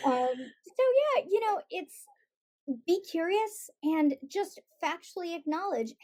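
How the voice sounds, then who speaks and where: A middle-aged woman, a guest on a podcast, telling stories in a lively way and acting out the voices she quotes. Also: very high-pitched, takes it slowly. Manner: animated storytelling, acts out quoted voices. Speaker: guest, author and parent. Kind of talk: conversational podcast interview.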